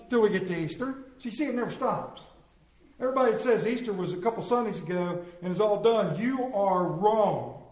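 A man preaching a sermon as pastor, emphatic and animated, swinging from loud to hushed. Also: high voice, roomy sound, poor audio.

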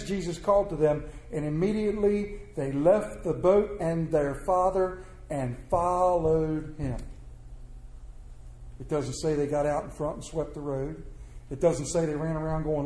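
Folksy high-voiced preacher, echoey room. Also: male voice, dark tone. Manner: folksy, conversational preaching with quoted asides. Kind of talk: sermon.

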